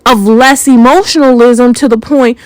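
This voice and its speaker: A woman's voice: fairly high pitch, steady tone, normal speed, darkish tone, no room sound, faint music behind, rough recording. A woman hosting a spiritual channel, speaking in an unscripted monologue that is confrontational and full of emphatic rhetorical questions.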